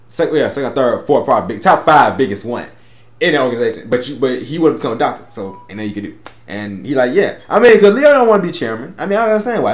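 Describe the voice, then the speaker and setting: A man rambles through an episode review, cursing as he goes and slipping into the characters' lines. His voice leaps up and down in pitch. The room around him gives off a noticeable echo. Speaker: anime reviewer.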